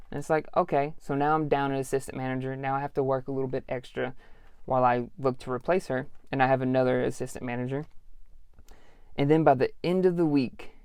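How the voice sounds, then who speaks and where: Profane, smooth-voiced man ranting. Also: mid-range voice, dry recording, clean studio sound. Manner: casual, slangy storytelling. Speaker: podcast host. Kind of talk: solo podcast monologue.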